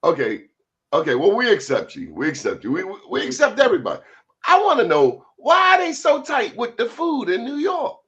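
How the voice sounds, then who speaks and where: A man hosting a casual talk show, telling a story with animated quoted voices. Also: sits high, a little fast. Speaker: host. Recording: dull lo-fi sound.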